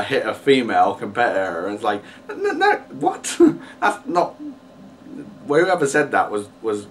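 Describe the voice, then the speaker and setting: A man vents in a loose, rambling rant, full of fillers and false starts. His pitch sits mid-range, and he sounds a little distant from the mic. A faint hiss runs underneath. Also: a bit bright. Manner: exasperated, rambling, many fillers and restarts. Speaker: vlogger. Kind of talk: casual rant to camera.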